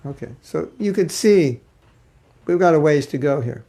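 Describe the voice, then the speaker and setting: Gravelly man teaching a spiritual class. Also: on the high side, expressive, normal speed, warm tone. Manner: informal, chuckling, acts out quoted voices.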